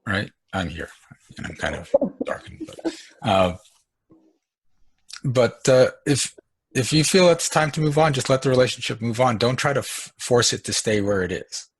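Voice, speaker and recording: A man chatting casually, giving calm, reassuring advice with a few restarts. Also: medium pitch, normal speed, pauses often, breathy edge. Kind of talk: casual chat.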